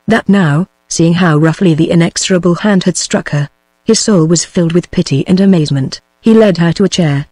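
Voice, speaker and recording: A computer-generated woman's voice with a British English accent, reading an audiobook in an even, steady way. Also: fairly low pitch, no echo. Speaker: narrator. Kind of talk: text-to-speech audiobook narration.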